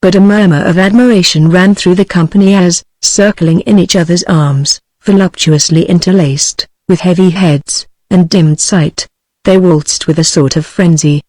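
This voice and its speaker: A woman's voice: fairly low pitch, normal speed, no room sound. Dry synthetic British woman narrating. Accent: British English. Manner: even, steady, uninflected reading. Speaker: audiobook narrator.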